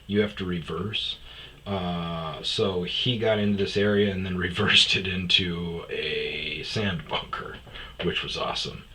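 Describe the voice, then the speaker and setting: A man's voice: sits low, steady tone, unhurried, sharp tone, slight background noise. A man hosting his own podcast, telling comic stories in a casual, profane way and acting out the back-and-forth of what people said. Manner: profane, swears constantly; acts out quoted exchanges in raised voice. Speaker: podcast host. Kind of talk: casual comedic storytelling.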